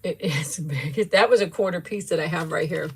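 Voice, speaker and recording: A woman's voice: low-pitched, moderate pace, a little hiss or hum. A middle-aged woman hosting a casual livestream, tasting a sweet and gushing thanks to viewers by name with frequent giggles. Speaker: livestream host. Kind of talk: casual live chat and food tasting.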